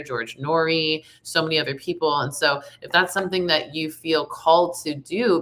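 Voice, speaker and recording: A young woman with a raspy voice from laryngitis, chatting upbeat and slangy as a tarot reader and singer in a casual spiritual vlog. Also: low-pitched, bright, forceful tone.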